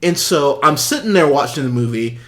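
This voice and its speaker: Podcast co-host, man, slightly high voice, animated casual movie chat with frequent laughs. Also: a little fast. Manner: animated, swings loud and soft, laughs often.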